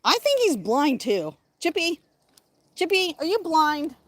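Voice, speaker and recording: A woman vlogging outdoors, excitedly calling and cheering at a squirrel, then dropping to mutters. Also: high-pitched, a little slow, no room sound. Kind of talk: casual outdoor vlog. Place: outdoors, yard near a hill road.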